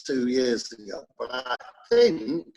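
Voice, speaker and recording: An English man co-hosting an opinion chat, conversational, telling stories with halting restarts. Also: medium pitch, sing-song, darkish tone, low-quality recording. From England. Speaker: co-host.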